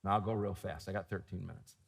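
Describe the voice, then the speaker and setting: A middle-aged man giving a storytelling sermon at a conference, animated and shouting at the peaks. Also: sits low, quick pace, vocal fry, husky. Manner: animated, shouting at the peaks, laughing, quoting himself. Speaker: conference speaker. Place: large conference hall. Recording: long hall reverb.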